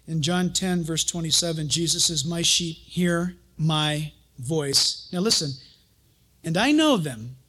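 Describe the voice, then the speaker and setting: A male pastor delivers a sermon with lively storytelling. He chuckles often and acts out the people he quotes. His voice is very high for a man. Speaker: pastor and Bible teacher.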